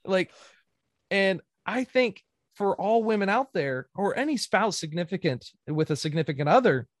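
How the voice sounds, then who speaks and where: A man co-hosting a casual podcast chat, animated and joking, laughing often. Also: high-pitched, moderate pace, no echo, clean studio sound. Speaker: podcast co-host.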